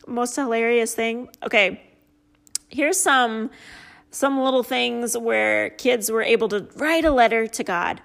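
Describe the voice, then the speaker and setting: A woman's voice: on the high side, unhurried, gravelly, a bit bright. A woman hosting a casual chat and reading out funny stories, often breaking into laughter at them. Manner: giggly, often laughs at what she reads. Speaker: host; parent.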